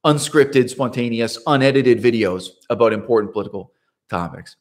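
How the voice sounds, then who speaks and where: A man's voice: deep voice, moderate pace. A man talking to camera in a casual, unscripted monologue, rambling with restarts and asides. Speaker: video essayist.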